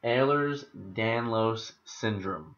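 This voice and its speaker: A man's voice: fairly low pitch, extremely slow, fairly bright tone. A man co-hosting a casual comedy podcast, talking loosely with lots of fillers and laughs. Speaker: podcast co-host. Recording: dull lo-fi podcast audio.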